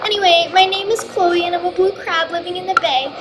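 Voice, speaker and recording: A woman's voice: very high-pitched, steady tone, a little fast. A woman playing an emotional pregnant crab. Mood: pleading. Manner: chatty, pleading. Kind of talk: school project skit. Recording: loud background noise.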